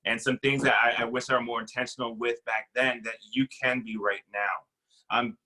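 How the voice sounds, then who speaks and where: A young adult man giving a casual, conversational sermon as a pastor, acting out quick bits of dialogue. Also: medium pitch, little pitch movement, bright, forceful tone, rough recording.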